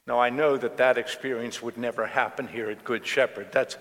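A male pastor preaching a sermon in a church, telling stories in a slow, storytelling way. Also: medium pitch, steady tone, fairly bright tone. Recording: long reverb of a church hall.

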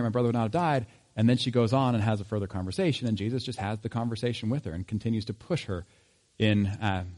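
A man's voice: fairly low pitch, a little mellow. A man preaching a sermon in a conversational tone, asking rhetorical questions. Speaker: pastor.

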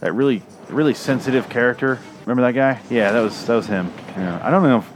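A man's voice: mid-range voice, quick pace, music in the background. A man giving rambling, crude, sarcastic commentary while watching a movie. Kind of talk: casual profane movie commentary. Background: movie audio playing.

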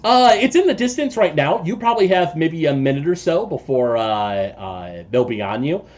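A man narrating as game master of a tabletop game, halting and full of filler sounds. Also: a little high, big pitch swings, a little mellow.

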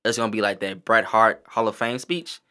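Very bright-voiced Southern man telling stories. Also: lowish voice, fairly quick, smooth. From American South. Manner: profane, animated storytelling, calls himself introverted. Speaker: podcast host, stage host and performer. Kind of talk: casual podcast storytelling.

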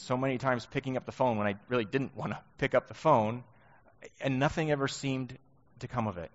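A man preaching a sermon in a relaxed, conversational way, with many rhetorical questions. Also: medium pitch. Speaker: pastor. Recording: muffled sound with long hall reverb.

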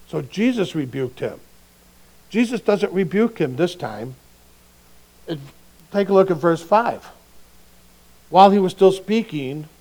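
A male pastor preaching a sermon in a conversational way, swinging between quiet reflection and emphatic bursts. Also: high voice, low-quality recording.

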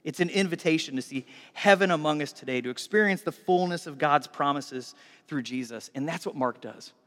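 A man in his forties delivers a sermon in a bright, high-pitched voice. He drops to hushed tones, then climbs to loud, animated emphasis. The sound carries a long hall reverb, like a church sanctuary. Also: fairly quick. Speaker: pastor.

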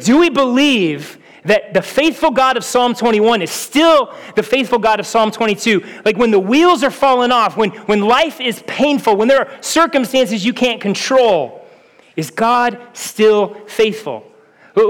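A man preaching a sermon as a pastor, earnest and full of rhetorical questions, often restarting his words. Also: high-pitched. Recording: long hall reverb.

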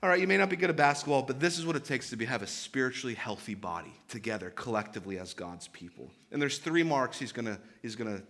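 A man's voice: medium pitch, expressive, quick pace, few pauses, fairly bright tone. A man in his thirties preaching a sermon, earnest and emphatic, with conversational asides and repeated phrases. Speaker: pastor.

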